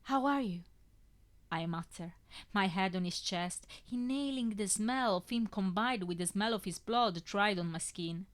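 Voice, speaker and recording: A woman reads a first-person fanfiction story aloud at a measured pace. Her voice is mid-pitched and carries the emotion of the scenes. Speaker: fanfiction reader.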